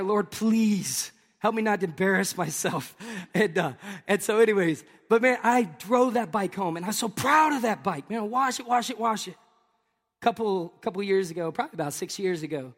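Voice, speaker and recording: A pastor from Tennessee, telling an animated, jokey story to his congregation in a sermon. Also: high voice, long reverb tail. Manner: animated, jokey, talks to the crowd.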